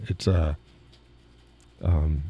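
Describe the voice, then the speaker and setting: A man's voice: a bass voice, fairly even intonation, extremely slow, dark tone, slightly rough, highs cut off. A middle-aged man hosting a live stream, chatting casually with viewers and laughing often at their comments, with a lingering cough. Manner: laughs a lot, self-deprecating banter. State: lingering cough, clears throat.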